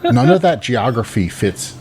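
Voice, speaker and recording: A man co-hosting a podcast in casual chat, talking in halting bursts with many restarts. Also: medium pitch, sing-song, a crowd in the background. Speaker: podcast co-host.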